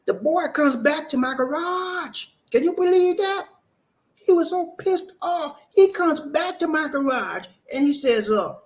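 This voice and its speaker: A man hosts a live stream and tells his viewers a story in a relaxed, chatty way. His pitch swings widely as he gets into it. He stumbles over and repeats words, then acts out what each person said. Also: measured pace. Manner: animated, repeats words, acts out quoted dialogue. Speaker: live-stream host reading viewer comments.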